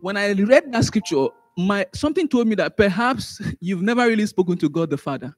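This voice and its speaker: A man teaching a Sunday school class. He repeats words, restarts phrases and swings up sharply in pitch and loudness when he stresses a point. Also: brisk, dry recording, faint music behind. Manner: animated, rises sharply in pitch and volume for emphasis, trails off in asides. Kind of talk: church Bible teaching.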